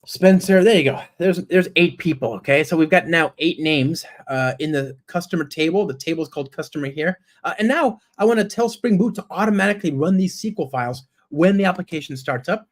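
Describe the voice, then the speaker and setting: Typing code aloud during a conference live-coding session, this speaker keeps asking the audience "right?" and "okay?" His tone is chatty and enthusiastic, and his voice is on the high side.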